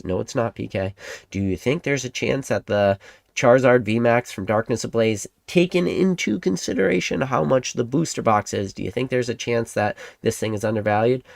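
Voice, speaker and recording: A man hosting his own channel, talking in a rambling, animated way and acting out the imagined replies of his viewers. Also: medium pitch, vocal fry, no room sound, clean studio sound. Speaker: Pokemon card collector and channel host. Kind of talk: casual monologue to camera.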